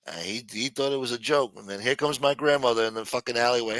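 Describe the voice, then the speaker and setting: A man's voice: medium pitch, quick pace, hardly any pauses, fairly bright tone, dry recording. A man hosting a livestream, telling stories in a rambling, profane, casual way. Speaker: livestream host.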